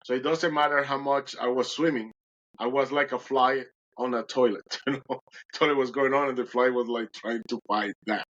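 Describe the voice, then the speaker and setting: A man's voice: medium pitch, steady tone, normal speed, a bit bright, highs cut off. A podcast guest, a man, recounting a dramatic personal story in conversation and acting out his own words with animation.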